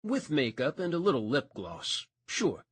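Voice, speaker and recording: Expressive male audiobook narrator, husky. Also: a little high, a little slow, no room sound. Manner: expressive reading, voices each character.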